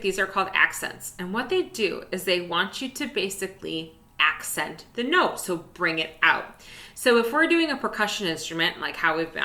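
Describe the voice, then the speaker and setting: Bright, encouraging woman music teacher. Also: medium pitch. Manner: chatty and encouraging, many fillers. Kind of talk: online music lesson. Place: indoors at a desk.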